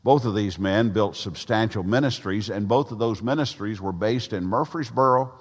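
Older preacher in a reverberant hall. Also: male voice, on the low side. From Tennessee, USA. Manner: preaching with emphatic pauses, folksy anecdotes. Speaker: pastor. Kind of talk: sermon.

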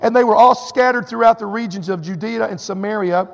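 A man's voice: sits high, fairly quick, vocal fry, big-room sound. A man from Texas preaching a sermon, telling a story and acting out what people said, with lots of "you know" asides. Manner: animated, acts out quotes, drawling fillers.

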